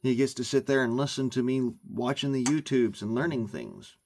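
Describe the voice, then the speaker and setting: A man's voice: mid-range voice, normal speed, a little mellow, slight background noise. A man ranting into the camera for his vlog, emphatic and meandering, often repeating himself. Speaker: vlogger. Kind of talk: rambling rant to camera.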